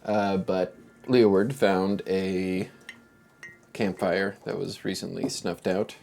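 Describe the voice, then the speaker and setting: A man's voice: low-pitched, fairly even intonation, takes it slowly, creaky, a little mellow, faint music behind. A man running a tabletop game, chatting loosely and then recapping the last session in a rambling, offhand way with many fillers. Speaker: game master. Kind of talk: casual chat and game recap narration. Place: live-streamed tabletop session.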